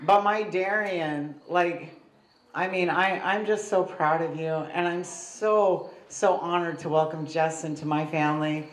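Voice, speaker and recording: A woman's voice: lowish voice, fairly even intonation, a little slow. Giggly mother of the groom toasting. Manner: rambling, giggly, self-deprecating. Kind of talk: tipsy wedding toast. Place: wedding reception in a barn. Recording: echoey reception hall with crowd.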